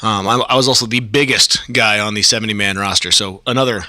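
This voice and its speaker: A man's voice: fairly low pitch, steady tone, fast, pushed and bright, no room sound, studio quality. A man guest on a podcast, telling a story casually with many fillers and chuckles.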